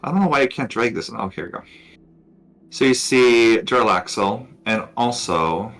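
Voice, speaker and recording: A man narrating as dungeon master of a tabletop game, relaxed and chatty. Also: medium pitch, moderate pace.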